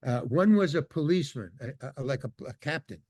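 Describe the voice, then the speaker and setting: A man's voice: on the high side, expressive, fairly quick, darkish tone, no room sound. An older man, a podcast guest, telling a long anecdote in casual talk and acting out other people's lines. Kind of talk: casual storytelling interview.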